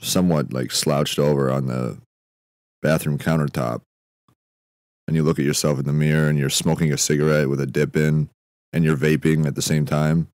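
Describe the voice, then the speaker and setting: A young man with a very deep, low voice drifts through a comedic podcast monologue, musing and doubling back on himself in a deadpan way. The sound is close and dry, with no room around it. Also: moderate pace, no room sound. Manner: meandering, self-interrupting, deadpan musing with frequent fillers. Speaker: podcast host.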